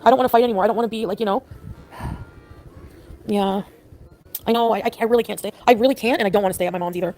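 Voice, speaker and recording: A woman's voice: medium pitch, fairly even intonation, very fast, long pauses, a little mellow, soft background music. A woman talking in a casual live chat, upset and rambling with lots of "like"s. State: distressed. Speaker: livestreamer.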